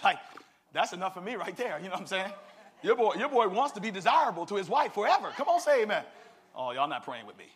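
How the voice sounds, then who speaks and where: Pastor, male, high bright voice, lively call-and-response preaching. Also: fast, slightly rough. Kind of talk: sermon.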